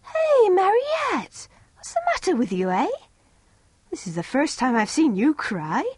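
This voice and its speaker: A woman's voice: wildly swooping pitch, a little slow, no room sound, exaggerated voice. A woman doing a bold, nosy schoolgirl. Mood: eager, pushy. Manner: eager, high and pushy.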